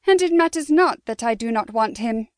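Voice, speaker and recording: A woman's voice: a little high, animated, moderate pace, no room sound, studio quality, lightly acted. A woman voicing a defiant, fiery young noblewoman in an audiobook, speaking indignantly. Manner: indignant, emphatic. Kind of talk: audiobook character voice.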